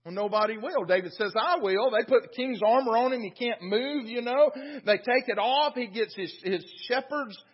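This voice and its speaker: A man's voice: extremely high pitch, moderate pace, husky, lo-fi sound. A man preaching a sermon in a church, retelling scripture in an earnest storytelling way. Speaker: pastor. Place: church sanctuary.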